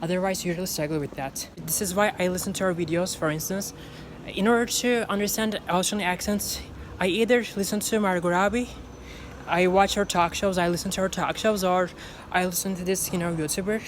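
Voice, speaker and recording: A woman's voice: on the low side, steady tone, a little fast, slight background noise. A woman talking casually in a vlog as an English learner, leaning on fillers and restarts and repeating lines aloud to practice.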